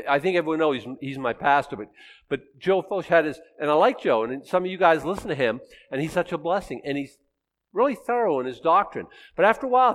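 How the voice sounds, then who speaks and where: A man in his sixties giving a conversational sermon as pastor, chatting with the congregation and poking fun at himself. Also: fairly high pitch. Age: 60s. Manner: chatty, asks the congregation questions, self-teasing.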